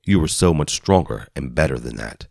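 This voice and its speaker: A man's voice: very deep voice, expressive, moderate pace, vocal fry, a little mellow, no room sound, full character voice. A man voicing a playful young woman, a loyal best friend who encourages bluntly and teasingly, in an audiobook. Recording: dry studio voice-over.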